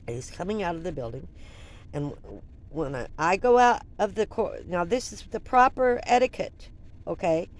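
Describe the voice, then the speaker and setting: An older woman vlogger telling a personal story in an animated, rambling way, full of restarts and asides. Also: fairly low pitch, normal speed.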